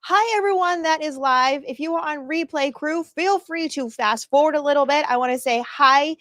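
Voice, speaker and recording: A bubbly young woman hosts a live stream, greeting her viewers one by one with plenty of laughs. Her voice sits high and bright, and the sound is close and dry, with no room around it. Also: normal speed, no echo. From northeastern United States. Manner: bubbly, greets chat by name, laughs often. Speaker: livestream host. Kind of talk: casual livestream chat.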